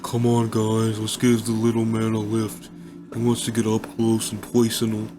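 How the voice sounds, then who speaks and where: A man's voice: fairly low pitch, monotone, moderate pace, mellow, a little hiss or hum, close to an everyday voice. An actor voicing a mocking teenage boy bully in a video game cutscene, taunting and sneering.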